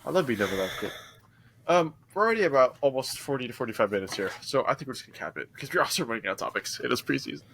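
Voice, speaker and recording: Young man, podcast co-host, casual chat, bright forceful voice, rambling. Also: medium pitch, racing, gravelly, slight background noise. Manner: animated, rambling, repeats himself.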